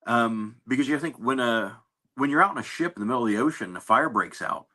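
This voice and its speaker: A man in an interview, telling stories about his navy service in a relaxed, anecdotal way with fillers and restarts. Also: medium pitch, fairly quick. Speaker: navy veteran guest. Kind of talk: casual interview storytelling.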